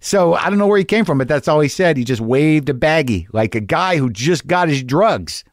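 A man's voice: on the high side, expressive, moderate pace, no room sound, clean studio sound. A middle-aged man from New Jersey hosting a podcast, telling a rambling, profane, self-mocking comic story in an anxious rush. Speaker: podcast host.

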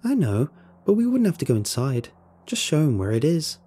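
A man voicing a calm, thoughtful younger boy who speaks evenly and quietly. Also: on the high side, moderate pace, slightly rough, pitched above the performer's own voice. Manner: even, reflective.

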